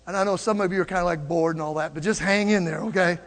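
A man preaching a sermon to his congregation, animated, swinging between loud and hushed, with jokey asides. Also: sits high, quick pace. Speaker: pastor. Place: church. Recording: long hall reverb.

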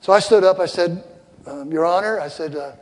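Older pastor with a high voice. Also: male voice, normal speed. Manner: storytelling, swings between loud punchlines and soft asides. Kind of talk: sermon. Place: church sanctuary. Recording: long hall reverb, faint crowd ambience.

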